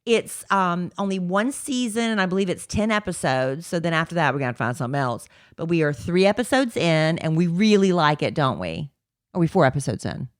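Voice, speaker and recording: Middle-aged woman host, chatty and insistent, lively pitch, dry close mic. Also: brisk, dry recording. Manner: animated storyteller, chatty and insistent. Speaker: podcast host. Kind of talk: casual chat.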